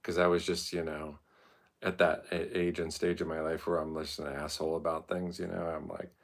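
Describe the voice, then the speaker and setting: Casting: gravelly, low-voiced man in his thirties, swearing, rambling and mocking himself. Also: flat delivery, moderate pace. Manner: profane, rambling, self-mocking, loud mocking quotes. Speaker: streamer telling stories. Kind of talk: casual rambling storytelling.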